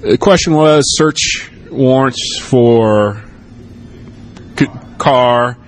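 Speaking extremely slowly in a mid-range voice, a middle-aged man from the United States who used to be a police officer gives a casual, meandering conference talk and takes audience questions. He frequently adds "okay?" and "you know."

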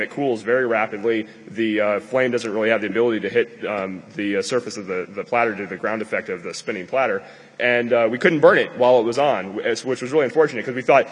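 A man's voice: medium pitch, fairly bright tone, husky, long reverb tail. A man giving a live conference talk to an audience, rambling and joking with many fillers. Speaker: conference speaker. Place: lecture hall with an audience.

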